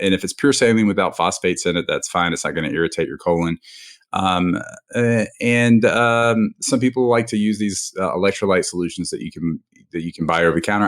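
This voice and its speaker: A middle-aged man, a doctor guest on a podcast, explaining things in a reassuring, hesitant way with many fillers. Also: sits low. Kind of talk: casual podcast interview.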